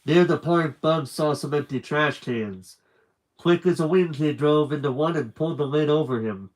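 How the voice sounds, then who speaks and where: A man reading a children's book aloud on a live stream with lively, animated narration and chatty asides. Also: fairly high pitch, moderate pace, rough recording.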